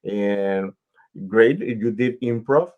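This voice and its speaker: A man's voice: lowish voice, darkish tone, muffled recording, a little hiss or hum. A man hosting a radio interview show, who also manages talent, giving long advice in a casual, explaining way. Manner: slow, advising, explains at length.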